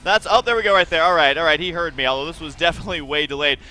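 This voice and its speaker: A young man calls a strategy game match in a high, bright, cutting voice. He mixes play-by-play with jokes and mock scolding of the players. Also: rapid-fire, slight background noise. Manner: joking, teasing, mock-scolding. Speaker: game caster. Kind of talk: esports play-by-play commentary.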